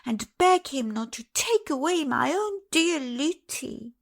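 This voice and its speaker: A small princess girl speaks high and pleading, her voice lifting in lively swoops, as a woman reader puts her on. She sounds tearful and earnest, fitting a spoken storybook. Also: unhurried.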